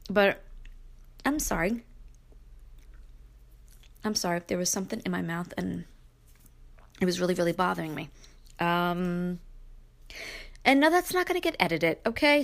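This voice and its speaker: A middle-aged woman hosting her own podcast, talking casually in a rambling, chatty way full of fillers and restarts. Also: mid-range voice. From Brooklyn, New York. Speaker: podcast host. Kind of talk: casual solo podcast monologue.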